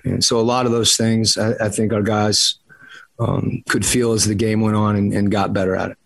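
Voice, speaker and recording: A low, gravelly and husky male coach at a postgame press conference. He halts often and leans on fillers. The mic is dry and close. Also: little pitch movement, no room sound, low-quality recording. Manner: halting, many fillers. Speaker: basketball head coach.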